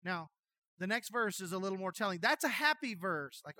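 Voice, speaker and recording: Man, pastor preaching, bright tense voice, folksy animated delivery. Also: high voice, brisk, no room sound. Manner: folksy storytelling, animated, jokey asides. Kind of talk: sermon.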